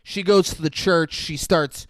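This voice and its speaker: A man's voice: fairly high pitch, steady tone, no room sound. A man co-hosting a podcast, chiming in with teasing remarks about a film. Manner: teasing, quick interjections. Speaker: podcast co-host. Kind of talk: casual film review chat.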